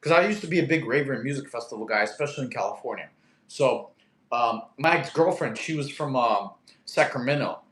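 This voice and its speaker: A man's voice: mid-range voice, lively intonation, fairly quick, fairly bright tone. A young man from Russia, hosting a casual livestream Q&A, reading chat questions aloud and answering with jokes. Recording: echoey room.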